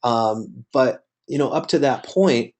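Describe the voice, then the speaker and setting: A man's voice: medium pitch, takes it slowly, a little mellow. A middle-aged man, a company executive, giving an earnest motivational talk on a webinar, with many fillers and restarts.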